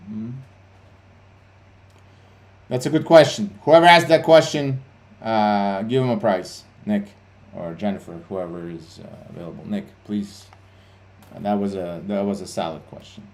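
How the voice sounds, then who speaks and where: A man's voice: lowish voice, measured pace, darkish tone. A man hosting a trading livestream, talking bluntly and swearing a lot, with many fillers and restarts. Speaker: CEO and livestream host. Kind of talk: casual livestream talk.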